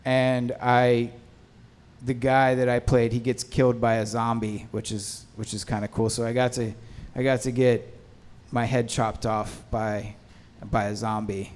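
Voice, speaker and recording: A man's voice: medium pitch, flat delivery, measured pace, a little mellow. A man on a film panel, telling a rambling casual story about stepping in as an actor. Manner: rambling, many fillers and restarts.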